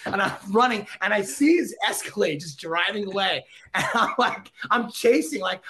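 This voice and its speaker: A middle-aged man as a podcast guest, an excitable storyteller who acts out quotes in casual chat. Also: sits high, moderate pace, few pauses, a little hiss or hum. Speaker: podcast guest, former celebrity reporter.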